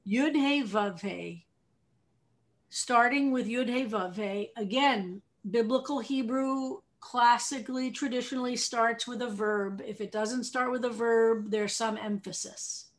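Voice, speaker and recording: American woman rabbi, higher voice, leading a study class with questions. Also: a little slow, few pauses. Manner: animated explainer, asks the class questions. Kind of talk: teaching a text study session.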